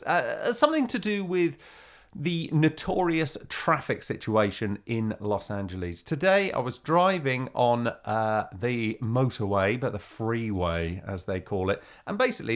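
A woman co-hosting a podcast in casual chat, telling stories in an animated way and acting out voices. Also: a bass voice. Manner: animated storyteller, acts out voices. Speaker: podcast co-host.

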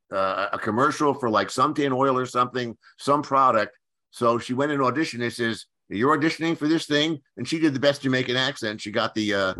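An older man from the Philadelphia area, a guest screenwriter telling anecdotes in a halting way, with many restarts and fillers. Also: mid-range voice, bright, forceful tone. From Philadelphia area, USA. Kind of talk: anecdotal storytelling.

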